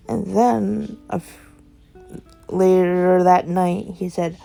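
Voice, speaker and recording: A woman's voice: fairly low pitch, expressive, extremely slow, vocal fry, warm tone, soft background music. A woman telling an improvised story, chaining events together with "and then" in a rambling way.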